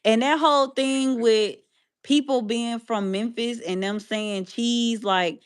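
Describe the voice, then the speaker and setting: A woman's voice: fairly high pitch, fairly even intonation, slow pace, clear, resonant tone, dry recording, clean studio sound. A young woman from the Southern US with a Southern accent, co-hosting a podcast in casual, blunt, profane chat that often repeats itself. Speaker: podcast co-host.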